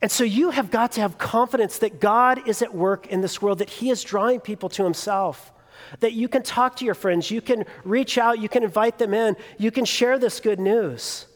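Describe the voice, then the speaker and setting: Sitting high in pitch and moving at a moderate pace, this pastor's voice fills a reverberant church sanctuary. The man, in his thirties, preaches by recounting a personal story in a loose, conversational style with fillers and restarts.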